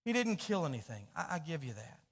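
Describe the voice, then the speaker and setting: A man preaching a sermon, telling a story and swinging from hushed, low passages to loud, emphatic questions. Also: sing-song, fairly quick. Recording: long hall reverb.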